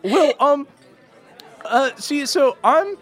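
A jittery young halfling fellow, as a man puts him on, tripping over his words and filling every gap with ums and likes. His voice sits high and bounces with nerves. He sounds like a figure in a tabletop game. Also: very animated, slow, some chatter behind, full character voice. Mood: nervous. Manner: stammering, rambling, filler-heavy. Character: nervous young male halfling scoutmaster.

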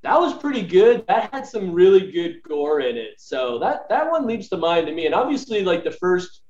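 A man's voice: high-pitched, big pitch swings, normal speed, a little mellow. A man co-hosting a podcast in casual chat, thinking aloud as he answers. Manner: musing, thinks aloud with fillers. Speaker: podcast co-host. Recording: roomy, dull lo-fi remote audio.

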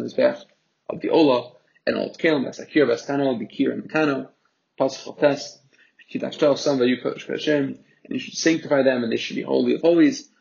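Gravelly man reading and translating a text. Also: mid-range voice, a little mellow. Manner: reads short Hebrew phrases, then translates each into English; halting, often repeats a word while searching for the translation. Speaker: Torah teacher. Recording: dull lo-fi recording.

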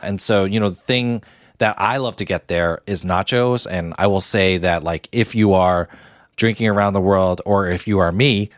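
A man's voice: low-pitched, moderate pace, dry recording, studio quality. A middle-aged man co-hosting a podcast, chatting casually with fillers and self-deprecating asides. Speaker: podcast co-host. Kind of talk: casual chat.

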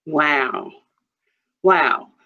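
A woman hosts an interview and asks her questions slowly. She hesitates and restarts as she looks for the right word. Her audio is dull and lo-fi. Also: sits low, lively intonation, pushed and bright. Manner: hesitant, searching for words. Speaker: interview host. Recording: dull lo-fi sound.

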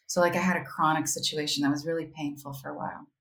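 Woman, podcast guest, candid, reflective, lower voice, echoey room. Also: quick pace. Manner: candid, reflective, animated, with quoted self-talk. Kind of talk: casual interview conversation. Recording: roomy echo.

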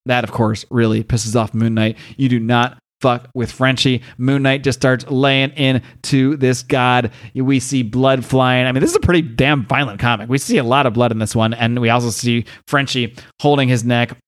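Man, podcast host, casual comic recap, acts out lines, swears, middle pitch. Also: fairly even intonation, normal speed, hardly any pauses, dry recording, clean studio sound.

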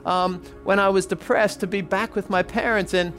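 A man preaching as a pastor, telling a testimony and leading prayer in an earnest, halting way with many ums. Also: sits high, steady tone, fairly bright tone, faint music behind. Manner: earnest, repeats himself, frequent ums. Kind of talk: sermon with retold testimony and prayer.

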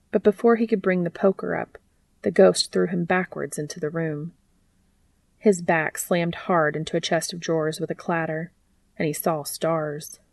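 A woman narrating fan fiction aloud in a steady, measured storytelling manner. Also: on the low side, gravelly, no room sound.

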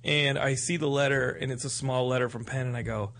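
A man's voice: medium pitch, flat delivery, fairly quick, a bit bright. A man from Texas hosting a casual interview, joking and rambling through stories with many restarts. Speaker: host.

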